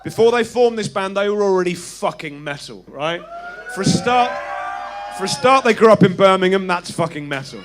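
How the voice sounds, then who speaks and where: An English man performing stand-up comedy in a club, animated and sweary with emphatic asides. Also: high voice, moderate pace, noisy background.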